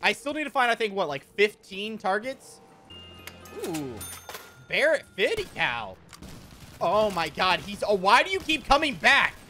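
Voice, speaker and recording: A man giving casual gameplay commentary, excitable, often swearing and laughing at surprises. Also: high voice, normal speed, faint music behind. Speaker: gaming YouTuber.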